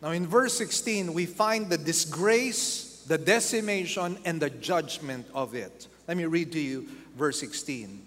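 A man's voice: a little high, lively intonation, unhurried, hardly any pauses, fairly bright tone. A man preaching a sermon as pastor, acting out quoted voices and repeating key phrases for emphasis. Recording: long hall reverb.

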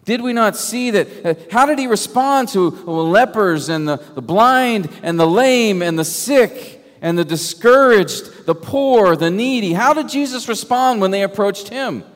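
A man preaching a sermon, emphatic and full of rhetorical questions, sometimes dropping to a hush. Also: high voice, animated, a little slow, hardly any pauses. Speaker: pastor. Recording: long hall reverb.

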